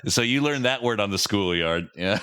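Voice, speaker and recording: A middle-aged American man hosting a podcast, relaxed and blunt in casual chat. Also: lowish voice, moderate pace, clear, resonant tone, dry recording, clean studio sound. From United States. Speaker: podcast host.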